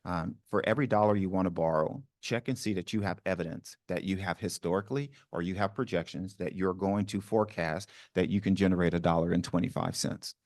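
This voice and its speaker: Deep-voiced Southern man on a panel. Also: fairly quick, few pauses, no echo, clean studio sound. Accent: Southern US, New Orleans. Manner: conversational, asks the room questions, many ums and restarts. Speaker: panel speaker on small business financing. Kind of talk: informal panel talk to a live audience. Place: university event room.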